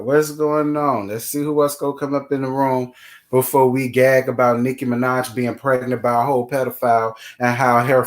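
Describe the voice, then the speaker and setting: A man hosting a casual live stream, greeting chat viewers by name and giving blunt, sassy commentary full of swearing. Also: medium pitch.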